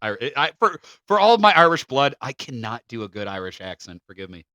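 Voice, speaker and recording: A man co-hosting a casual podcast, his voice bright and a little high, swinging up and down as he reads notes aloud and breaks into laughs. The close mic sounds dry and near. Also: sing-song, a little fast, no room sound. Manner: reads from notes, laughs often, stumbles on names. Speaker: podcast co-host.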